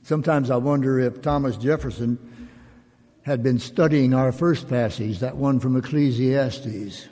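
Older man preaching a reflective sermon in an unhurried delivery, slightly breathy, echoing through a large hall. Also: mid-range voice, mellow. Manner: slow, reflective, measured delivery with drawn-out phrases. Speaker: pastor. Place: church sanctuary. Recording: long reverb of a church hall.

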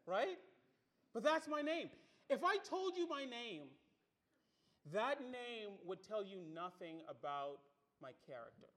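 A male pastor with a high, somewhat bright voice preaches a sermon to his congregation in a church room. He's emphatic, building his points through repeated phrases.

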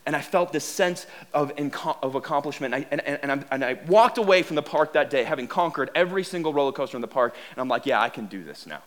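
A man telling a self-mocking personal story as a sermon, animated and full of restarts. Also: fairly high pitch, fast, few pauses.

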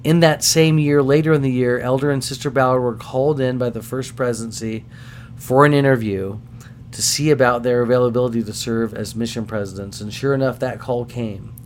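A man's voice: medium pitch, brisk, slight background noise. Middle-aged man telling stories casually. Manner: animated, self-deprecating, acts out voices in anecdotes. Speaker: podcast host. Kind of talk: casual storytelling.

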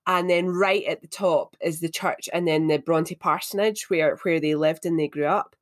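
A woman's voice: deep voice, fairly even intonation, dry recording, clean studio sound. A woman with a Scottish accent, co-hosting a podcast in an enthusiastic, chatty way. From Scotland. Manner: chatty, enthusiastic, quick asides. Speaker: podcast co-host. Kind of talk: casual chat.

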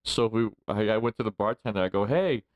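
Man, forties, low smooth voice, rambling storyteller, dry close sound. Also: flat delivery, quick pace, no room sound, highs cut off. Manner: rambling, laughs often while telling stories. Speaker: guest. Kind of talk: casual storytelling interview.

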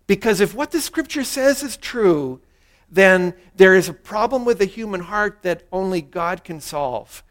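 This male pastor's voice sits unusually high for a man as he preaches an earnest sermon and guides the congregation through a brief prayer to repeat after him. His intonation is lively, his pace a touch slow, and his tone slightly bright.

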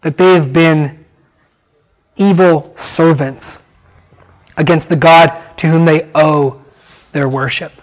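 A man preaching a verse-by-verse sermon in a fairly high voice. He drives his points home by repeating words and phrases, and he slows right down on the lines he wants to land. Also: fairly even intonation, highs cut off. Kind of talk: expository sermon.

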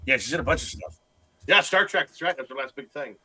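Bright sharp voiced guy, dry close sound, cracking jokes about movies. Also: mid-range voice, expressive, fast, husky, no echo. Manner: wisecracking, riffs in mock character voices. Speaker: podcast co-host. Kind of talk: casual movie review chat.

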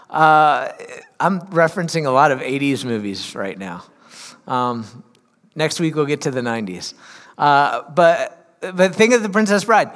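A man's voice: on the high side, a bit bright, in a large hall. A male pastor giving a sermon in a church, mixing reading aloud with candid, conversational asides.

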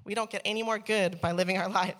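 Animated woman telling her life story. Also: quick pace. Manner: candid and animated, laughing often, rising high when excited. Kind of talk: personal testimony to a church audience.

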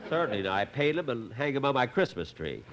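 A man's voice: medium pitch, sing-song, quick pace, fairly bright tone, a faint crowd. A man hosting a 1950s radio comedy show, exasperated, with sudden outbursts. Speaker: comedy host. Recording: old radio broadcast with studio audience and hiss.

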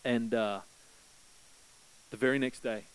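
A man's voice: steady tone, slow pace, clean tone, poor audio. A man preaching a sermon as pastor, telling a story and acting out the voices in it. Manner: storytelling, acts out quoted prayers with rising pitch.

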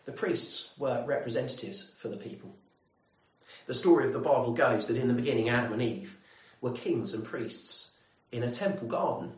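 A man's voice: mid-range voice, normal speed, echoey room, poor audio. A man preaching a sermon in a conversational way, often putting questions to the congregation.

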